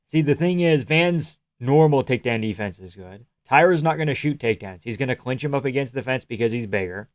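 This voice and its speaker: A man's voice: mid-range voice, lively intonation, a little fast, hardly any pauses, dry recording. A man hosting a live stream, casually and profanely analyzing fights and answering chat questions.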